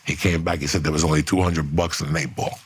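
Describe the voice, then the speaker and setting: A middle-aged man telling a long story on a podcast, profane and animated, acting out the voices of people in it. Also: a bass voice, fast talker. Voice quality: gravelly, husky.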